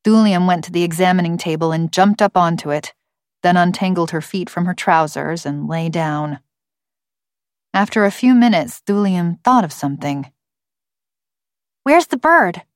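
A woman whose voice sits on the low side reads scripted audiobook narration at a measured, even storytelling pace. The studio-quality recording has no echo.

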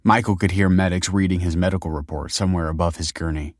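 Guy narrating a grim story, deep steady voice, dry close mic. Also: fast talker, few pauses, no room sound. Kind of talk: dark scripted story narration.

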